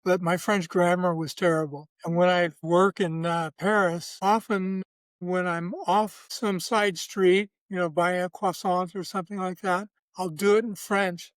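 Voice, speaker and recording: A man in his seventies, a guest telling relaxed personal anecdotes in a measured way. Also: high voice, dry recording. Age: 70s. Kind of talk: casual storytelling.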